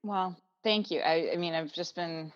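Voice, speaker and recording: A woman's voice: on the low side, normal speed. A woman co-hosting a podcast, talking in an earnest, reflective way in a heartfelt conversation. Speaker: podcast co-host. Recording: dull lo-fi sound.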